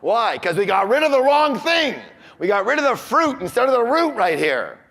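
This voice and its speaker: Man, seminar speaker, lively swinging pitch, quizzes the audience, live room. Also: moderate pace, creaky. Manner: animated, asks the audience questions. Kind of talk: motivational seminar talk.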